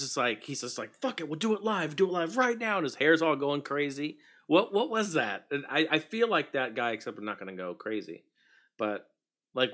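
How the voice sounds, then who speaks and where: Bright-voiced man chatting on a livestream. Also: medium pitch. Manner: chatty, greets viewers by name, mutters while fixing tech. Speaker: livestream host. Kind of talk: casual livestream chat.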